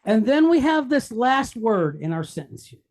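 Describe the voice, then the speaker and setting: A man's voice: very high voice, very animated, normal speed. A man teaching a classroom lesson, patiently sounding words out syllable by syllable and checking in often with his students. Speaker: Hebrew teacher.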